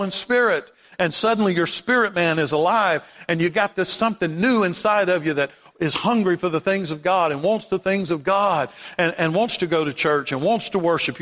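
A man preaching a sermon as pastor, swinging from loud declarations to hushed passages. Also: high-pitched, long reverb tail. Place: church sanctuary.

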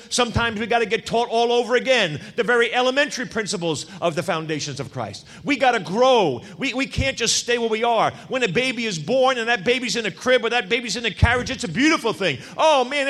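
Guy preaching a sermon, high-ish voice, punchy, tells stories and does little voices. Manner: animated storytelling with acted quotes. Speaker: pastor.

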